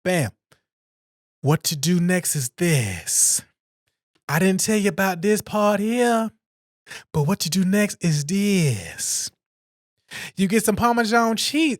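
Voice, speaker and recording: A man hosting a casual solo podcast, chatting in a jokey, animated way and answering his own questions. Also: high-pitched, measured pace, no room sound, studio quality. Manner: animated, jokey, talks to himself. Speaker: podcast host.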